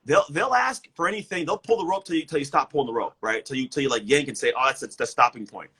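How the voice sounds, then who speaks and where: Fast, bright-voiced motivational man. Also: a little high, breathy edge, rough recording. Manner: energetic, emphatic, repeats words. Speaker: motivational speaker and coach. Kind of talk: casual motivational talk. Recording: livestream guest.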